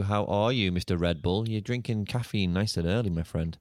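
A man's voice: sits low, moderate pace, a little mellow. A man co-hosting a casual podcast, teasing the others in a wry way. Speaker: podcast co-host.

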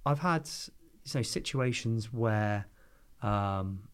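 A man's voice: fairly low pitch, expressive, clean tone. A man, a divorce lawyer talking earnestly in a podcast conversation, often restarting his sentences. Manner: earnest, halting with frequent restarts.

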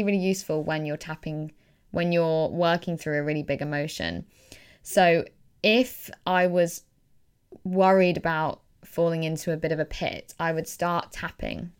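A woman coach talks through her own podcast in a casual, earnest way. Her voice sits low and comes across smooth and clean, and she repeats words to stress a point. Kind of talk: casual solo podcast talk.

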